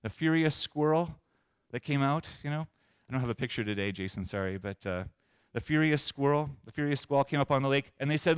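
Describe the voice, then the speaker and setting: A man pastor preaching a sermon in an animated way, moving between loud emphasis and soft asides. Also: on the high side, a little fast, hardly any pauses, clear, resonant tone, dry recording.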